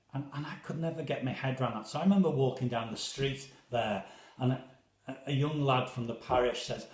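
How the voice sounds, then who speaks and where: A parish priest speaks with a gently refined Liverpool accent at a middling pitch. He chats to viewers in a rambling, self-deprecating way, often restarting his sentences. His voice rings in a roomy, echoing space. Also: a little fast. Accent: soft Liverpool. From England. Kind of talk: casual chat to viewers. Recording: roomy echo.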